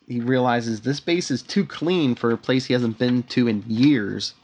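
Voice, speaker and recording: Podcast co-host, male, mid-pitched, casual recap voice that slips into loose dramatic readings of villain lines. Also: unhurried, darkish tone. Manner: retells scenes, reading villain lines aloud with loose theatrical flair. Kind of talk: casual chat, recapping a comic.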